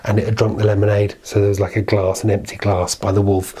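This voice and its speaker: A man telling a fairy tale to children in an animated way, with sound effects and chatty asides. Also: fairly low pitch, fast, slightly rough. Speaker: children's storyteller. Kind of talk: storytime narration for children.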